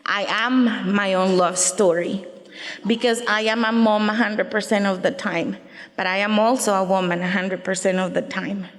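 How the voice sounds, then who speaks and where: A woman's voice: mid-range voice, steady tone, moderate pace. Earnest woman giving a testimony in a hall. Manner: earnest, reflective, affirming faith in short declarations. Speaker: speaker sharing her story on stage. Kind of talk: personal testimony. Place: event venue stage.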